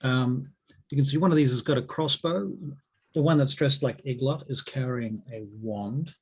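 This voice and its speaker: A man narrating as dungeon master, relaxed and often pausing with ums. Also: medium pitch, husky. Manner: relaxed, hesitant with many ums. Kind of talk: narrating a tabletop game.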